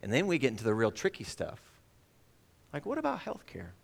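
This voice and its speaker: A man's voice: medium pitch, wildly swooping pitch, a little fast, vocal fry. A middle-aged man preaching a storytelling sermon at a church service. He acts out dialogue in different voices and puts rhetorical questions to the congregation. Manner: asks the audience rhetorical questions.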